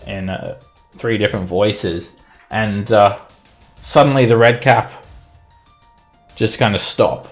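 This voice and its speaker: A man narrating as game master of a tabletop game, in a relaxed way with many fillers. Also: lowish voice, slow, long pauses, soft background music.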